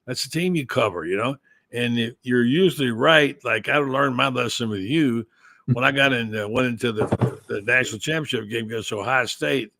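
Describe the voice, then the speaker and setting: An older man hosting a sports talk show, chatting casually and telling folksy stories in drawn-out phrases. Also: medium pitch, noisy background. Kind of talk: casual chat.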